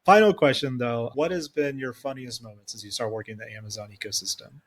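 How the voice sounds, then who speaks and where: An easygoing man hosts a podcast interview in a relaxed, casual tone. He laughs often and keeps the chat friendly as he asks his questions. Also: mid-range voice, fast talker. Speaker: podcast host.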